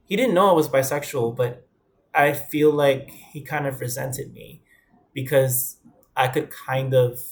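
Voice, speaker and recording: Gravelly-voiced young man from the Bronx. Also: mid-range voice, slight background noise. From the Bronx, New York. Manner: earnest, conversational, quotes others in dialogue. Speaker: vlogger. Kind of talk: candid personal talk to camera.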